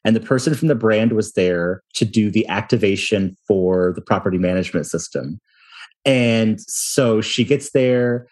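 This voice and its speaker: Breathy-voiced man telling stories. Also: fairly low pitch, normal speed. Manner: animated, self-deprecating, laughs often. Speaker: hotel company founder, guest. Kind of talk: casual interview storytelling.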